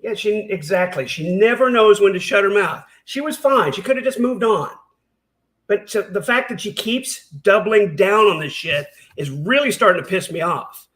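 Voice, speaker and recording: A man's voice: sits high, normal speed, fairly bright tone. A man hosting a reaction commentary, ranting in a heated, sarcastic and profane way. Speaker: commentary channel host.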